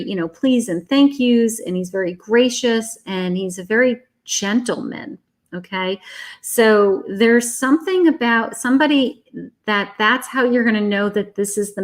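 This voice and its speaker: A woman doing a live tarot reading, speaking soothingly and reassuringly straight to the viewer. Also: medium pitch. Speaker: psychic tarot reader.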